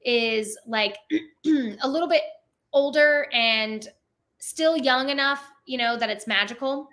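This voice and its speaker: A woman's voice: sits high, slow pace, fairly bright tone. A young woman telling stories in a casual interview as a theme park performer, chatty and full of "like" fillers. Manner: chatty, many "like" fillers, laughs often.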